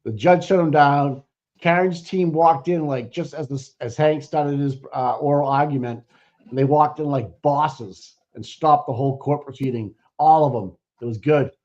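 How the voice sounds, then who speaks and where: A man's voice: a little high, normal speed, darkish tone. A man with a Boston accent co-hosting a casual livestream, rambling and opinionated, with lots of fillers and easy laughter. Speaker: livestream co-host. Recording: dull lo-fi stream audio.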